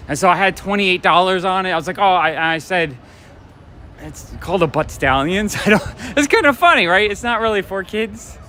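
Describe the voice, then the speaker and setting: A man's voice: high-pitched, expressive, brisk, sharp tone, a little hiss or hum. A man vlogging as he walks outdoors along city streets, telling rambling stories with laughs as he goes. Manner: rambling, chatty storytelling with laughs. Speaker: vlogger and toy shop owner. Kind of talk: casual walk-and-talk vlog.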